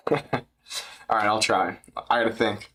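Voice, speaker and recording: A man's voice: lowish voice, steady tone, unhurried, bright, forceful tone, a little hiss or hum. A young man chatting live as a streamer during a fight event, joking, crude and rambling. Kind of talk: live fight-companion chat.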